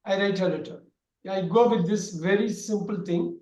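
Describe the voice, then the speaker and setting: A man teaches a grammar lesson online, loud and repetitive, with lots of fillers. His voice sits high for a man. The sound carries a noticeable room echo. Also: normal speed. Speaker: English teacher. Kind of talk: online class lecture. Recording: echoey room.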